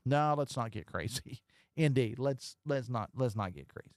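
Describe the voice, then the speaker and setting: A man's voice: medium pitch, expressive, moderate pace, darkish tone, no room sound, clean studio sound. Chatty man hosting a radio show. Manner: chatty, reads listener texts aloud and rambles. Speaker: radio talk show host. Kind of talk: casual call-in show chat.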